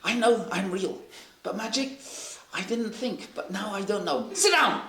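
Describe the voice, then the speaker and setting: A man's voice: sits high, a little slow, voice pushed up. A man impersonating a stern elderly leader. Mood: puzzled, commanding. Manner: clipped commands in short broken phrases. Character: stern elderly male church leader, clipped broken English. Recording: echoey hall.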